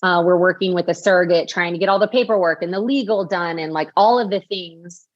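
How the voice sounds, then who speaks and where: A woman's voice: fairly low pitch, a little fast, no room sound, dull audio. A woman in her forties, a podcast guest, candidly telling a personal story in a heartfelt way, full of fillers. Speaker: podcast guest, author and speaker.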